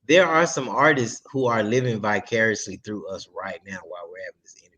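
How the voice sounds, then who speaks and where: A man's voice: on the low side, fast talker. A man talking as a guest in a casual interview, emphatic and profane. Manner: emphatic, profane, slips into animated impressions. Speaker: guest artist.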